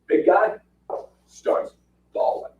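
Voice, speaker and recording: Taking his time, a man shares fight stories in a casual chat, with slight background noise present. He's an animated narrator who plays out the quotes and laughs a lot, heard through roomy, distant, muffled podcast sound.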